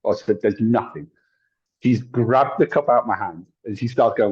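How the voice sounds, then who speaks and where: A man's voice: medium pitch, normal speed, husky. A middle-aged man, a tarot reader and medium, telling chatty stories in an interview, laughing often and acting out the people he quotes. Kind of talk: casual storytelling in an interview. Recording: dull lo-fi sound.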